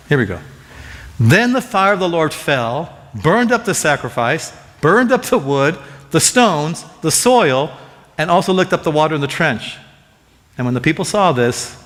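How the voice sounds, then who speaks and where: High-pitched pastor guy preaching, fired up and chatty, lots of restarts, big echoey church hall. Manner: animated, conversational preaching with many restarts. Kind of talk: sermon.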